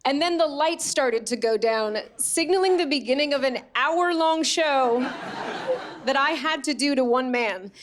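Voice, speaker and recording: A woman's voice: sits high, measured pace. An American woman from New York doing a chatty, self-mocking stand-up set on a theatre stage. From Staten Island, New York, USA. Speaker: stand-up comedian. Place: theatre stage before a laughing audience.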